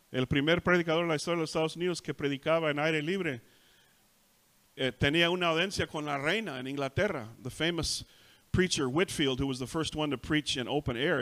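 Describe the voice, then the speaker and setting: A bright, fairly high-voiced middle-aged man preaches from a church pulpit. He tells stories in an animated way, acting out the voices of the people in them. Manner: animated storytelling, acts out voices. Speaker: pastor. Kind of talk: bilingual sermon, self-translating. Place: church sanctuary.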